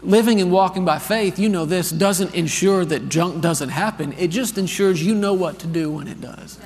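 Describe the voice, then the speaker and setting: Man, 30s, pastor, sermon, earnest storytelling, fairly high voice, reverberant hall. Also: normal speed. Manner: storytelling, animated and earnest, calls for responses. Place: large church hall.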